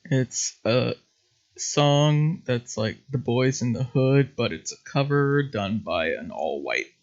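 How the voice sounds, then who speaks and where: A man's voice: mid-range voice, animated, slow. A man hosting a livestream, chatting casually and laughing often while he paints. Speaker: livestream host. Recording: muffled lo-fi stream audio.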